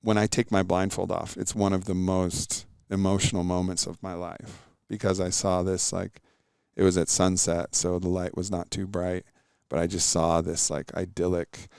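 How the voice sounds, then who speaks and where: Podcast guest, middle-aged man, smooth and resonant, earnest storyteller. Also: sits low, flat delivery, moderate pace, few pauses, darkish tone, no room sound, studio quality. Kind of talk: casual interview chat.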